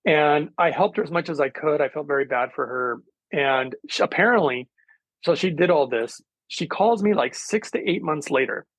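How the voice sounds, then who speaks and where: A man's voice: on the high side, normal speed, fairly bright tone, slightly rough, no room sound, low-quality recording. A man speaking as a guest in a casual interview, earnest and rambling, with many fillers. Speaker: guest, hydrogen therapy specialist.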